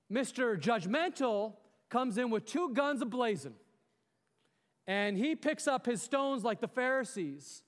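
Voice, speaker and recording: High-voiced pastor preaching in a hall. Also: male voice, very animated, a little slow, pauses often. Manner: earnest, exhorting, with rhetorical questions. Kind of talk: sermon.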